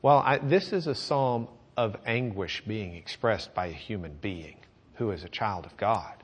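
A man's voice: fairly low pitch, a little slow, slightly rough. A man teaching on a psalm, reading verses with rising force and joking between them in a loose, unscripted way. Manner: reads scripture with rising intensity, jokes and laughs between verses. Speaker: Bible teacher. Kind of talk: sermon with scripture reading.

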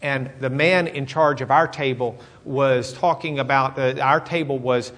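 A middle-aged man preaching a sermon with animated, dramatic storytelling. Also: medium pitch, measured pace. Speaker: pastor.

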